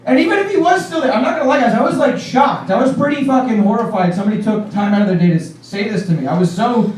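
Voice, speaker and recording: A man's voice: very high-pitched, expressive, fast. A man performing a stand-up comedy set on stage, rambling and laughing at his own jokes, with lots of "like". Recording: echoey room from far off.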